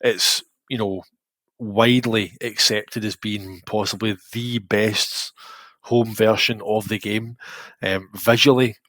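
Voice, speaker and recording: Man, Glasgow Scottish accent, forties, slightly low voice, dry sound, rambling anecdotal podcast chat. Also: slow pace, no echo. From Scotland. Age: 40s. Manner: lively, rambling anecdotal storytelling. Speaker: podcast co-host.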